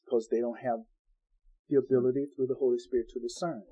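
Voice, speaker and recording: A man's voice: mid-range voice, flat delivery, fast, warm tone, husky, highs cut off. A man preaching an informal Bible-study sermon in a folksy, conversational way, acting out the people he quotes.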